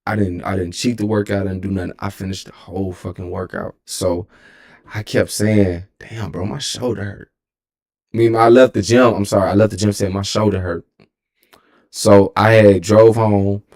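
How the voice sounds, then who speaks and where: With a lowish, slightly mellow voice and fairly even intonation, a Texan man in his twenties tells a casual story at a moderate pace. He rambles and swears like a streamer, repeatedly correcting himself along the way.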